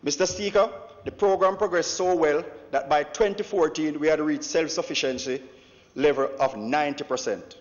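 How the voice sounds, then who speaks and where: A Jamaican opposition MP, his voice on the high side and his speed normal, gives a formal, declamatory speech and keeps addressing the Speaker with "Mister Speaker." He is in a large parliament chamber, and the broadcast audio sounds dull and echoey.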